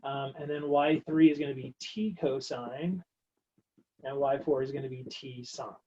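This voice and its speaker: A man's voice: medium pitch, fairly even intonation, normal speed, warm tone, lo-fi sound, slight background noise. A man teaching a recorded math lecture, working through steps aloud in a casual, wry way. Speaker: math instructor.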